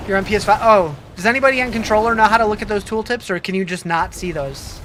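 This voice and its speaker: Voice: medium pitch, fast, fairly bright tone, slight background noise. A game streamer with the hiccups, chatting casually on a live stream, reading out viewer comments and answering them with many restarts.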